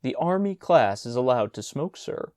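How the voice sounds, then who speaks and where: Cool bossy head of games, guy reading him, short snappy orders, mellow tone. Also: mid-range voice, expressive, dry recording, studio quality, close to an everyday voice. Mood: placid. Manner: placid, brisk orders. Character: calm, commanding older schoolboy, head of games.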